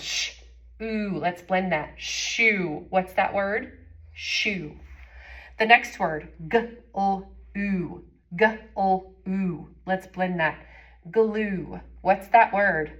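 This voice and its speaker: A woman's voice: medium pitch, fairly bright tone, poor audio. A woman teacher giving a phonics demonstration, carefully sounding out each phoneme before blending words. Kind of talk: instructional demonstration. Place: classroom or home, recorded on camera.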